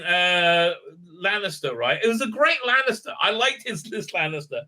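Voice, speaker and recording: A middle-aged man talks through a TV episode in loose, rambling sentences, swearing freely and checking in with "right?". His voice sits a little high and comes across bright and forceful. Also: sing-song, normal speed. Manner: rambling, profane, keeps asking "right?". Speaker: TV show reviewer. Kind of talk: casual spoken recap.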